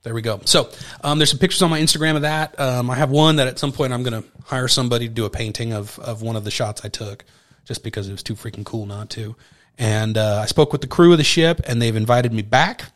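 Talking quickly in a medium-pitched voice, a male podcast host shares a personal story with lots of animation, some swearing, and dialogue he performs himself.

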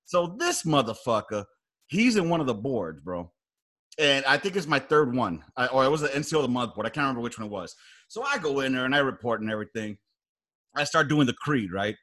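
A man telling army stories in casual chat, animated and profane, acting out loud quotes. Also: medium pitch, a little fast. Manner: animated storyteller, heavy swearing, acts out quotes loudly.

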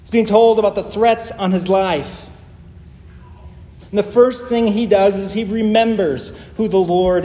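High-voiced man preaching in an echoey hall. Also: dark tone. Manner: earnest, emphatic preaching with pauses. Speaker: pastor. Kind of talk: sermon. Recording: echoey hall with faint ambience.

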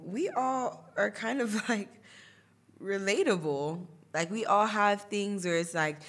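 On her podcast, a young host with a low-leaning, fairly bright voice tells a personal story. She keeps it chatty and casual, laughing a lot and leaning on filler words.

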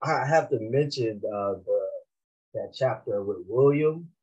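A man's voice: mid-range voice, measured pace, darkish tone, husky, highs cut off. A man from Massachusetts, a rapper guest, telling laid-back, slangy stories in a casual interview and laughing often.

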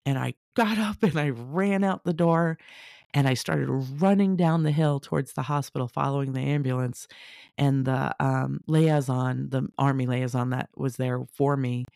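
A woman telling a personal story casually, animated, acting out the people she quotes. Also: extremely low pitch, normal speed, vocal fry, no echo, studio quality. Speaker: storyteller sharing a personal testimony.

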